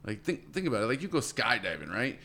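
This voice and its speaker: A man appears as a podcast guest in casual conversation, sounding earnest and motivational, often repeating words and calling people "man." His fast, bright, forceful voice swings widely in pitch, and he acts out quoted voices in a higher register.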